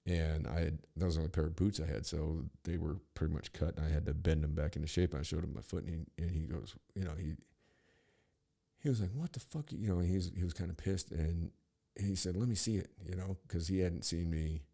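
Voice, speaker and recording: Man, podcast host: very low, gravelly voice with a dark tone; casual, profane, rambling storytelling. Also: flat delivery, a little fast. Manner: profane, rambling, with frequent restarts.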